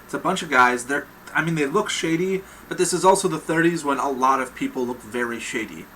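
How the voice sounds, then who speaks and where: A man running a tabletop horror game as game master, narrating with loose, halting restarts. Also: fairly high pitch, fairly bright tone, slight background noise, low-quality recording.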